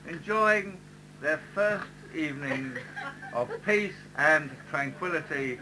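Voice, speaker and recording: A man compères a community revue in a breezy, unhurried way, his voice lifting and dipping a lot. He sounds fairly high for a man. The live recording is heavy with noise. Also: animated. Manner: chatty, breezy announcing. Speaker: master of ceremonies.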